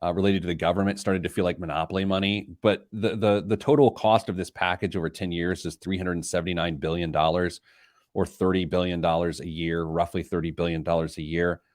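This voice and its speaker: A man's voice: low-pitched, steady tone, fairly quick, no echo, studio quality. A middle-aged man hosting a radio show, chatting casually in a rambling, self-deprecating way. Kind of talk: casual chat.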